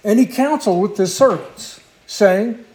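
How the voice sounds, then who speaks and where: A male preacher tells a story from the pulpit in a fairly high voice with a soft, mellow tone. He speaks earnestly and without hurry, and now and then stops to correct himself. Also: animated, poor audio. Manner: earnest, unhurried storytelling with small restarts. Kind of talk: sermon storytelling.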